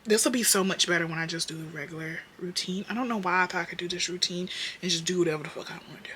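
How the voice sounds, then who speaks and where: A young woman doing her makeup while chatting to her viewers, candid and profane, slipping from muttered whispers into loud bursts. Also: on the low side, racing, slight background noise. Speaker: beauty vlogger.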